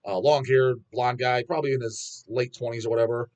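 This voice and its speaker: A man's voice: mid-range voice, fairly even intonation, fairly quick, a little mellow. A man hosting a metal channel, ranting bluntly in a rambling, profanity-heavy vlog monologue.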